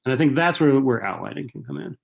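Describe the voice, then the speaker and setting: A man's voice: mid-range voice, animated, fast talker, creaky. A man who writes and teaches fiction, answering audience questions in a rambling, casual way full of fillers and rhetorical "right?" tags, over a video call. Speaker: author and writing professor.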